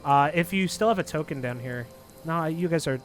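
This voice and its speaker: A man's voice: on the high side, a little fast, soft background music. A man narrating a tabletop game as dungeon master, in loose narration full of fillers.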